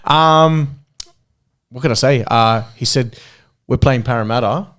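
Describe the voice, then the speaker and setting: A man's voice: mid-range voice, measured pace, fairly bright tone. Chatty Australian man telling stories. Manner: chatty storyteller with lots of fillers and laughs. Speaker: podcast co-host. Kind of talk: casual chat.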